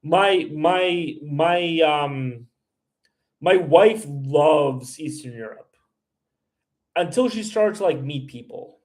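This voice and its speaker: Man, livestream host, blunt, ranting, heated, fairly high voice. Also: expressive, slow pace, darkish tone. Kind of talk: live stream chat answering viewers.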